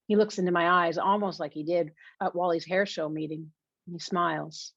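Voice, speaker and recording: A woman's voice: on the low side, fairly quick, dry recording. A woman narrating a first-person novel in a confessional, wry way, in a muffled lo-fi recording. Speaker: audiobook narrator. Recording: dull, dry lo-fi recording.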